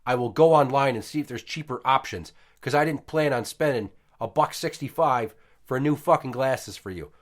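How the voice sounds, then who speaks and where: A man's voice: mid-range voice, normal speed. Man, thirties, podcast host, swearing storyteller, voices other people in the story. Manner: profane, animated, acts out quotes. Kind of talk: casual storytelling.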